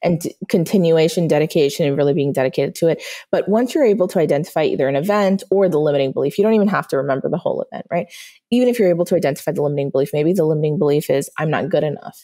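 A woman manifestation coach speaks as a guest on a podcast interview, her voice low and rapid-fire. She tells stories with animation and keeps checking in with her listener by asking "right?".

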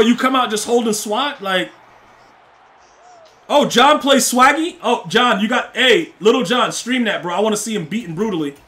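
A young man with a high-pitched, fairly bright voice live-streams a game. He chats casually with viewers and trash-talks opponents, rambling along in loose slang.

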